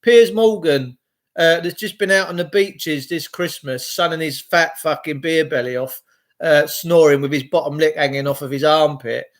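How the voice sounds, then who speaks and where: A man's voice: fairly high pitch, normal speed. A middle-aged man from England, giving a rambling, profane, chatty monologue to his viewers. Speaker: video host.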